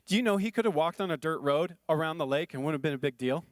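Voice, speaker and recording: A man's voice: fairly high pitch, animated, fast, dry recording, studio quality. A male pastor preaching a sermon in an earnest, conversational way, often repeating phrases for emphasis.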